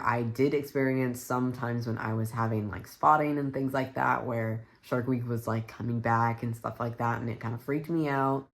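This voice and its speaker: A young man vlogging a casual to-camera update, relaxed and chatty with plenty of fillers. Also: medium pitch.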